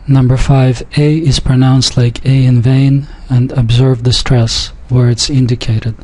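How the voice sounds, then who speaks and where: A man teaching a pronunciation lesson, speaking deliberately and repeating words with pauses and small restarts. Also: mid-range voice, flat delivery, dark tone, low-quality recording. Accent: speaks a Yiddish dialect. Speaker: language teacher. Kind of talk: slow classroom-style pronunciation lesson.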